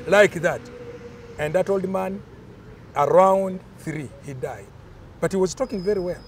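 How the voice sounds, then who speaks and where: A man's voice: sits high, measured pace, long pauses, slight background noise. An older man, explaining cultural traditions in an emphatic, storytelling way during an interview.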